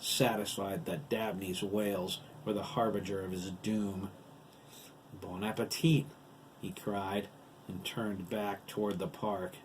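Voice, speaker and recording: A man narrating his own novel as an audiobook, in steady, deliberate storytelling. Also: on the low side, a little hiss or hum.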